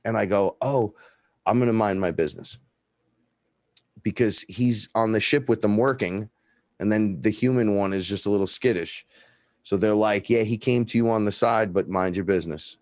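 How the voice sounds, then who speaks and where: Low-voiced man telling wild stories. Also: normal speed, dry recording, clean studio sound. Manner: profane, animated, acts out dialogue in his stories. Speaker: guest. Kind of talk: casual storytelling chat.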